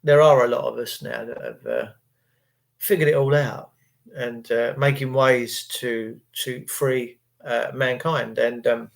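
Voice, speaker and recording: A man's voice: mid-range voice, expressive, measured pace, vocal fry. An English man hosting a livestream, reading out chat comments in a crude, jokey, rambling way. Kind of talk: rambling casual monologue.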